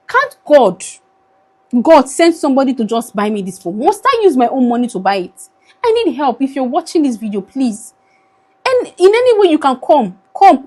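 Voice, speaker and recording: A young Nigerian woman with a high voice talks into her phone camera in an emotional vlog. Her Nigerian accent colours every line as she pleads in a tired, worn-down way, moving between English and Pidgin. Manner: pleading, weary, switches into Pidgin. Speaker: vlogger.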